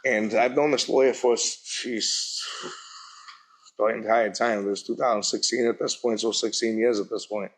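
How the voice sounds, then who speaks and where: A middle-aged man telling his own story at a public forum, speaking plainly and haltingly. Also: lowish voice, steady tone, breathy edge. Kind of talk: personal testimony at a public forum. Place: university event hall.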